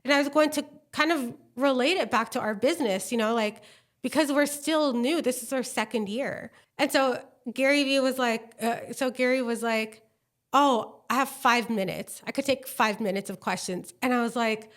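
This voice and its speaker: A woman co-hosting a podcast, telling a story in a lively, gushing way with lots of fillers and acted-out quotes. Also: on the high side, moderate pace. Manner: animated, gushing storyteller who acts out quotes. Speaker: podcast co-host. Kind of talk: casual chat.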